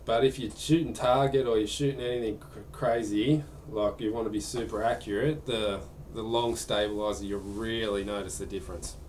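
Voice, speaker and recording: A man's voice: lowish voice, fairly even intonation, moderate pace, few pauses, a little mellow, slight background noise. A man chatting casually during a live gaming stream, answering viewer questions in a rambling way.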